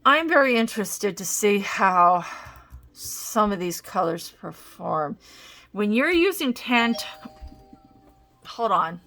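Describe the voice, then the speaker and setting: Her pitch swings widely in a mid-range voice that sounds pushed and bright, and she speaks slowly with long pauses. She's a woman hosting a relaxed crafting demo at home, chatting, rambling, and interrupting herself while testing crayons.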